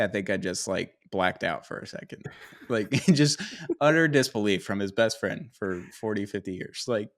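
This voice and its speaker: A man's voice: fairly low pitch, moderate pace, a bit bright. A man co-hosting a casual sports podcast, joking and often laughing mid-sentence. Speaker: podcast co-host.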